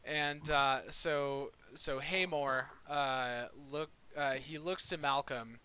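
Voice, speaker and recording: A man's voice: on the high side, fairly even intonation, takes it slowly, background noise. A man narrating as dungeon master, casual and rambling with many fillers. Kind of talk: narrating a tabletop game.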